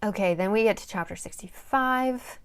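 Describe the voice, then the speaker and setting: A woman's voice: mid-range voice, normal speed, clear, resonant tone. Chatty young woman recapping a novel. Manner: chatty, swears, dramatic asides. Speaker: book summary vlogger. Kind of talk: casual plot recap with read-aloud passages.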